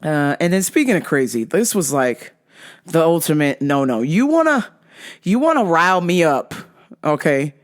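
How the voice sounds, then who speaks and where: Animated, profane woman podcast host. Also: sits low, normal speed. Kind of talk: casual profane storytelling.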